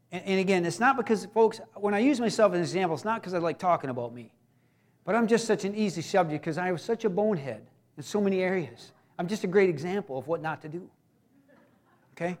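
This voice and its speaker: A pastor with a high-pitched voice preaches a folksy sermon full of joking asides, swinging between emphatic raised lines and hushed, quiet ones.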